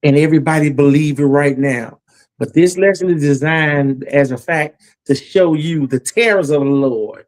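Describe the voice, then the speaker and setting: Guy preaching hard, fairly high voice, keeps repeating himself, rising when he warns folks. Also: unhurried. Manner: emphatic, repetitive, voice climbing when warning of judgment. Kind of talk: Bible teaching sermon.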